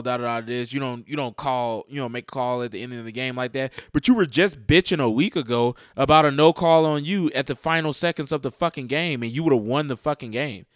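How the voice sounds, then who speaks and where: A man's voice: medium pitch, clear, resonant tone, no room sound. Man ranting as a sports fan, exasperated and profane, dry sound. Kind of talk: heated casual rant.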